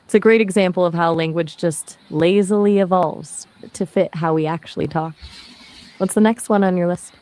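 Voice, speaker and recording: A woman's voice: on the low side, normal speed, darkish tone. A synthetic woman's voice answering questions as a conversation partner, in a breezy, chatty explaining manner.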